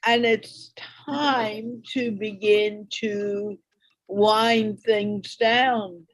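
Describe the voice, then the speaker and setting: A woman hosting a reflective panel talk, speaking gently as she brings the hour to a close. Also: mid-range voice, steady tone, drawn-out words, no echo, low-quality recording. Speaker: host.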